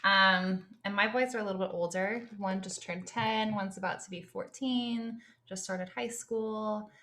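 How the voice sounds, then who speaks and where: A woman in her forties co-hosting a podcast in casual chat, upbeat and playful with quick asides. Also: medium pitch, fairly even intonation, pushed and bright. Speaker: podcast co-host.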